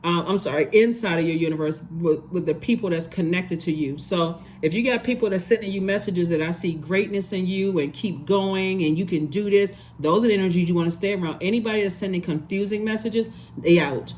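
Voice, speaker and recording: A woman's voice: fairly low pitch, a little fast, hardly any pauses, a little mellow, slight background noise. A woman giving a casual tarot reading, talking emphatically and repeating phrases for stress. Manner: conversational, loose and rambling. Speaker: tarot reader.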